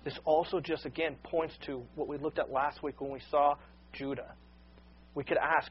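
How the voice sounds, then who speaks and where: A man preaching a sermon with earnest, unpolished delivery, often doubling back on his first words. His voice sits a little high and sounds husky. The recording is dull and lo-fi. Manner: earnest, repeats words when starting sentences. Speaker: pastor.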